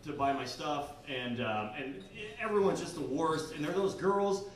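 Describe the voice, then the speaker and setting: A man's voice: a little high, expressive, normal speed. A young man doing a stand-up comedy set in a bar basement, rambling and self-deprecating, full of "like" and swearing. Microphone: handheld recorder out in the room. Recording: echoey basement, distant recorder, faint room noise.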